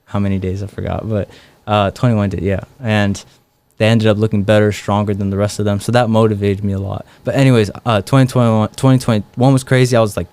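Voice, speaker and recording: A young man with a smooth, clear voice that sits a little low, telling his own stories as a guest in a relaxed interview. He talks loosely, filling gaps with "like" and "um". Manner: relaxed, many fillers like "like" and "um". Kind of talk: casual storytelling interview.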